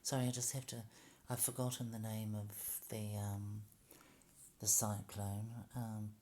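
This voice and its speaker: A man's voice: lowish voice, level tone, measured pace, warm tone, a little hiss or hum. A man delivers a rambling, sarcastic monologue full of hesitations and mock slips.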